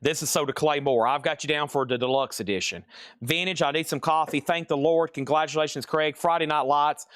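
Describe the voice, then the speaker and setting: A man's voice: on the high side, brisk, a bit bright, no echo, studio quality. Chatty man hosting a live record sale. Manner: chatty, rambling, jokey. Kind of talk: live-stream sales patter.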